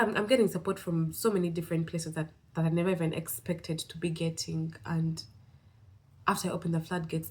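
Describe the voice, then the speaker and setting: A woman from East Africa records a relaxed vlog update, her voice sitting a touch low. She rambles cheerfully and gushes with gratitude. A slight breathlessness runs under her words. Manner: rambling, upbeat and effusively grateful. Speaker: vlogger. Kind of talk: casual vlog check-in.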